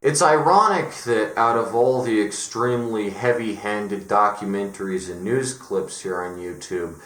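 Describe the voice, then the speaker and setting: A man from Colorado talks through his thoughts in a wry, musing vlog voice, with plenty of run-on asides. His voice sits a little low, and the room around him rings with echo. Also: measured pace, fairly bright tone. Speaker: vlogger. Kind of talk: casual commentary.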